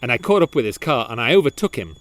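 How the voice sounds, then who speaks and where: A man co-hosting a podcast, telling a story in casual chat, animated and full of restarts and repeated words. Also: mid-range voice, fast talker. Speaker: podcast co-host.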